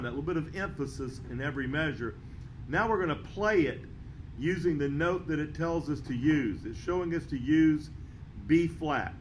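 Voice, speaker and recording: A man teaching a band lesson, counting beats aloud and explaining rhythm in a steady, patient way. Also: fairly high pitch, slight background noise, rough recording. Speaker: music teacher.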